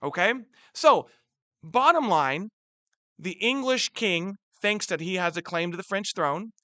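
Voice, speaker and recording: Animated, chatty male history teacher. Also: measured pace, dry recording. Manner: chatty, asks rhetorical questions and checks in with "right?"; lively, punches key words louder and higher. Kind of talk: recorded lecture over a map.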